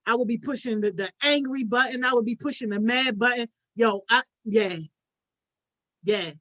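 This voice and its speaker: A livestream host with a bright, forceful tone and a pitch that sits in the middle, speaking in loose slang and ending almost every phrase with "yo". The host greets each viewer one by one. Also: moderate pace. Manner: slangy, tacks "yo" onto nearly every phrase. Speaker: host of a youth program's online session. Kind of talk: casual livestream chat with participants.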